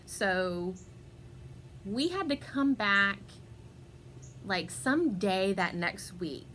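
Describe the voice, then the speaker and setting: A woman with a lowish voice tells a personal story in an unhurried, drawn-out way. She is chatty and laughs often, trailing through fillers and restarts. A faint hum of room noise sits behind her. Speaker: podcast host.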